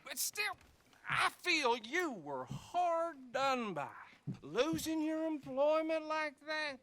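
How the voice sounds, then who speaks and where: Sheriff Gray, a bright, patronizing lawman. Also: very high-pitched, very animated, slow pace, heavily acted. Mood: smug. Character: pompous small-town sheriff, middle-aged man.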